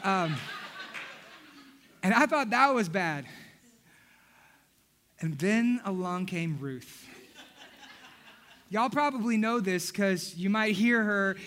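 Pastor guy in his 30s preaching, jokey stories, talks right to the crowd, high bright voice. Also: lively intonation, slow pace, pauses often, slight background noise. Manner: humorous storytelling, talking directly to the congregation. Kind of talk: sermon. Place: church.

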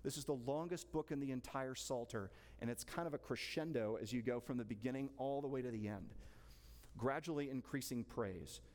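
A man's voice: mid-range voice, brisk, a little mellow. A man teaching a church Bible class in a casual, chatty way, asking the room questions. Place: church hall. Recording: long reverb in a church hall.

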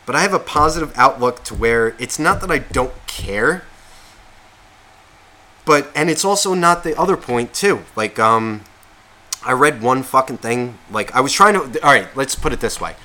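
A man co-hosting a casual podcast, rambling and swearing constantly, often restarting and questioning himself, and growing loud and heated when worked up. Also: medium pitch, expressive, moderate pace. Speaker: podcast co-host.

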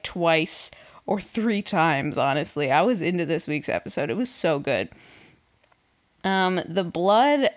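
A woman hosting a podcast alone, talking casually without editing, rambling, swearing and poking fun at herself as she loses her train of thought. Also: fairly low pitch. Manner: rambling, swears, self-deprecating, restarts often. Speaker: podcast host. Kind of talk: unedited casual podcast monologue.

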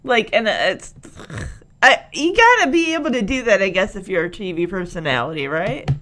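Chatty woman recapping a show, bright sharp voice, laughs lots. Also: mid-range voice, very animated, moderate pace. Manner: chatty, rambling, laughs often. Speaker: episode recap commentator. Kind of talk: casual chat recapping a TV episode.

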